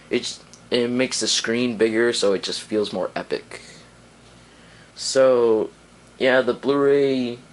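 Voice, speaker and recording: A man's voice: mid-range voice, rough recording. A man giving a casual video review, rambling and enthusiastic, with lots of fillers and restarts. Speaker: anime reviewer.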